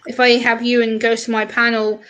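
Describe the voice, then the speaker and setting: Chatty British woman, higher voice. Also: monotone, low-quality recording. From Britain. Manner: chatty, acts out what others said in quick bright voices. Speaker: livestream host. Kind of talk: casual livestream chat.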